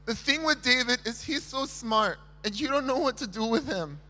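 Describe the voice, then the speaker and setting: A man quoting his mother as a calm, firm middle-aged woman, speaking softly and earnestly. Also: very high voice, moderate pace, long reverb tail, exaggerated voice.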